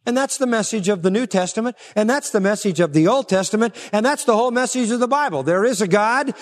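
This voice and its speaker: A man preaching a sermon emphatically, pressing some words hard and dropping low and slow on others. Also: expressive. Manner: emphatic, swings between raised stresses and low, slow drops. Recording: long reverb of a large hall.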